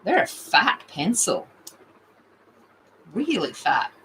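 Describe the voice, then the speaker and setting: Australian woman, livestream host, unhurried rambling chat, bright tone. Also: lowish voice, vocal fry, slight background noise, poor audio. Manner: chatty, rambling, with excited outbursts.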